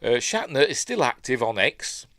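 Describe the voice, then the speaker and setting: A man's voice: medium pitch, sing-song, moderate pace, fairly bright tone, no room sound. A man with a Yorkshire accent hosting a casual livestream, reading news aloud and drifting into chatty asides and questions to his viewers. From Yorkshire, England. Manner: rambling, chatty asides, audience check-ins.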